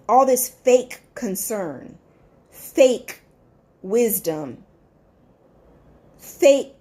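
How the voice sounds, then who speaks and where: Animated high-voiced woman giving blunt life advice. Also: drawn-out words, pauses often. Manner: animated, acts out friends' voices in quotes; blunt and emphatic, casual slang. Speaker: life coach and show host. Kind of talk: motivational monologue.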